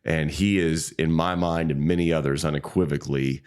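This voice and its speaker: A fly shop owner, a man appearing as a podcast guest, tells stories in a rambling, easygoing way, restarting often and jumping in pitch when he quotes people. His voice is steady in tone, a little mellow, and smooth, at a normal speed.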